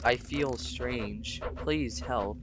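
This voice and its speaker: A man voicing a possessed boy in a game, reading his lines low and slow. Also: vocal fry, background noise. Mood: sullen. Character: possessed boy, sullen and hurt.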